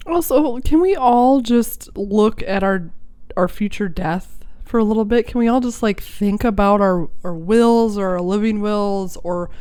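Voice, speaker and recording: A woman co-hosting a podcast in casual chat, animated and laughing, sometimes bursting out loudly, close to the mic. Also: mid-range voice, a little slow, clean tone. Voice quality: animated, laughing, prone to loud outbursts. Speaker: podcast co-host.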